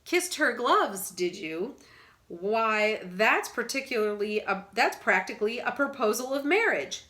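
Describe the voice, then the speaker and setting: A woman voicing a jovial, smooth-talking male lawyer with a theatrical, hearty manner, in a read-aloud storybook. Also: a little high, expressive, measured pace, pushed and bright.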